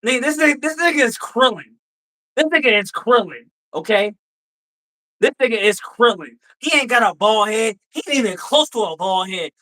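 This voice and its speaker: A drunk man hosting a casual stream, reading viewer comments and arguing loudly, profane and repetitive. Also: extremely high pitch, animated, normal speed, low-quality recording. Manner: loud, profane, argumentative, repetitive. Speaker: livestream host.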